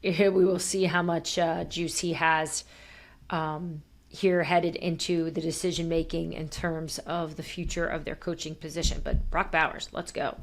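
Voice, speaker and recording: A woman's voice: sits low, little pitch movement, measured pace. Woman co-hosting a sports chat. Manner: conversational, reads questions aloud with asides. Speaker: podcast co-host reading listener questions.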